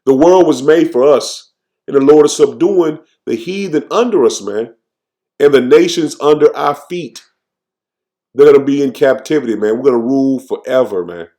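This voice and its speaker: A man teaching scripture informally, tagging nearly every phrase with "man" and reading verses slowly with restarts. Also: mid-range voice, lively intonation, warm tone. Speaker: preacher.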